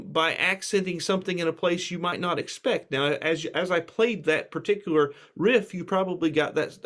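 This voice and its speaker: Brief: male music teacher, slightly high voice, easygoing and reassuring, guitar heard between remarks. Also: fairly bright tone. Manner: casual, reassuring teacher, frequent fillers. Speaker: music lecturer. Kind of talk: relaxed spoken lecture with instrument demos. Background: guitar playing.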